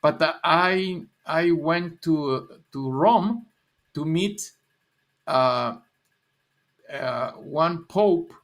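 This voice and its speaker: A Spanish-accented man in his sixties from Mexico, appearing as a guest on a casual livestream chat, rambles through stories very slowly with long pauses. His voice is on the high side and fairly bright, and he laughs often and repeats words.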